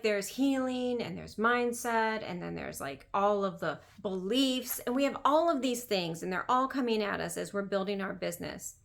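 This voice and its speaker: A woman's voice: mid-range voice, gravelly. A woman business coach talking in a casual monologue, emphatic and chatty, repeating phrases and saying "like" often.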